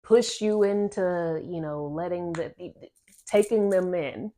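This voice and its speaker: Lower-voiced woman, oracle card reader; rambling, repetitive, slangy delivery. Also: a little slow, mellow. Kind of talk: casual channeled card reading.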